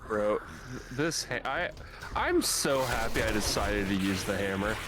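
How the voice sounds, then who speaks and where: A man playing a game with a friend on stream, excitable and swearing freely in casual banter. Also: lowish voice, unhurried. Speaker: co-player guest. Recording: steady background noise.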